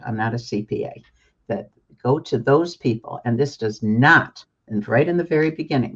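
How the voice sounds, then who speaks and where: A woman's voice: low-pitched, muffled recording. An older woman, a book author, speaking as a guest in a talk-show interview in an earnest, emphatic and openly emotional way.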